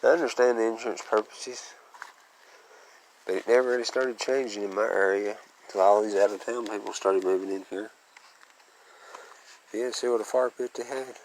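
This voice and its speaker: A fairly low-voiced man rambles on in a chatty, folksy way, breaking into little chuckles. He is talking outdoors and from his truck, and faint ambient noise sits under his voice. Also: steady tone, moderate pace, long pauses, low-quality recording. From Western North Carolina. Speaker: vlogger. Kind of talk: casual rambling monologue.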